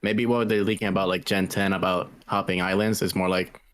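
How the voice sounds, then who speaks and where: Low-voiced relaxed male caller. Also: slight background noise. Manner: relaxed, many likes and pauses. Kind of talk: casual chat. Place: remote call.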